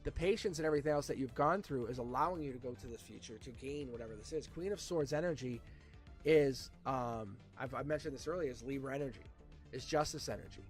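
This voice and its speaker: A man giving a casual live tarot reading, animated and repeating himself with frequent restarts. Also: medium pitch, fast, faint music behind. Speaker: tarot reader.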